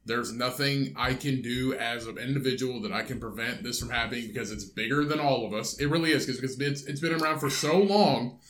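A young man co-hosts a podcast in loose, rambling chat, swearing freely and stumbling over his starts. His voice is bright and forward, and it rings in an echoey room. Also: medium pitch, fairly quick, few pauses, a little hiss or hum. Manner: rambling, swears a lot, restarts mid-sentence. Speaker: podcast co-host. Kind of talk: casual chat.

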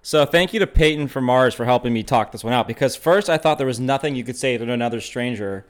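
A man's voice: mid-range voice, fast talker. A man from California hosting a casual comedic chat, a talkative storyteller who laughs often. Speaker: podcast host.

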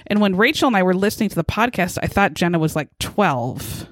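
A woman's voice: lowish voice, animated, a little fast, no room sound, studio quality. A woman co-hosting a podcast, chatting casually as she retells a true crime case and acts out the quotes. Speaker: podcast co-host.

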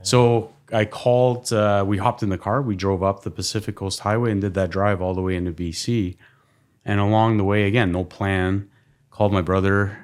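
A man as a podcast guest, telling stories in a casual, animated way, often laughing and imitating people. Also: lowish voice, normal speed. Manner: laughing, animated storyteller who mimics people. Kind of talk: casual storytelling.

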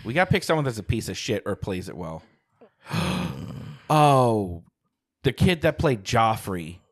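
A man co-hosting a casual chat, animated and swearing, sliding into silly impressions now and then. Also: on the low side, measured pace. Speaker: podcast co-host.

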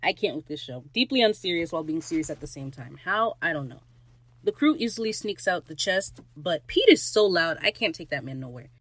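A podcast host recapping an episode in a casual solo rant, excitable and gushing, swearing freely and swinging between loud squeals and low asides. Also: fairly quick.

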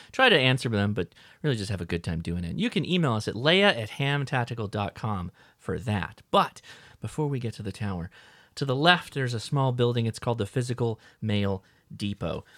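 A man's voice: medium pitch, animated, moderate pace, fairly bright tone, dry recording, studio quality. A man hosting a casual podcast, joking around and reading listener mail aloud. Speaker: podcast host. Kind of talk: casual chat.

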